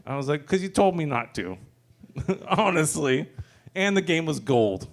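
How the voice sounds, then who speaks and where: A man with a fairly high voice works a brewery open mic stage, telling stand-up stories in a loose, joking way. He swears freely and chuckles between lines, speaking into a handheld stage mic. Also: expressive, unhurried, gravelly. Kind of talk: stand-up comedy set.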